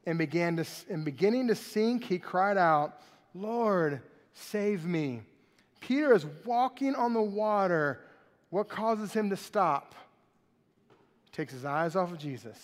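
A pastor preaching a sermon in an animated, conversational way, in a large church hall. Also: male voice, high voice, unhurried.

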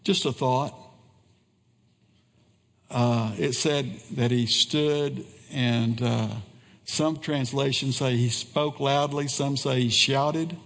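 A man preaching a sermon at a deliberately unhurried pace, leaning on earnest repetition and frequent pauses. His voice sits at an ordinary middle pitch. It rings out with a long reverb, as in a church sanctuary. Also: steady tone. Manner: slow, earnest preaching with pauses and repeated phrases.

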